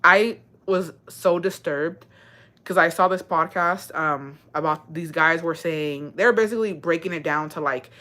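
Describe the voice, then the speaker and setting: A woman's voice: low-pitched, measured pace, bright, forceful tone. A woman chatting casually and bluntly, swearing freely and dropping Spanish phrases into her talk. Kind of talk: casual chat.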